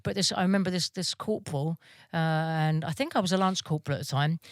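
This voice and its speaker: A woman's voice: low-pitched, fast talker, no echo, clean studio sound. A woman army veteran being interviewed, telling stories casually, swearing freely and laughing as she goes.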